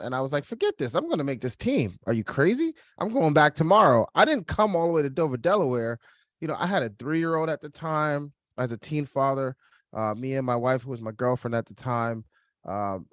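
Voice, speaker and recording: A young man co-hosting a podcast, telling a personal story in casual chat, lively and laughing, acting out the voices of others. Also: medium pitch, no room sound, clean studio sound. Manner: animated, acts out quoted voices, laughs while telling. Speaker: podcast co-host.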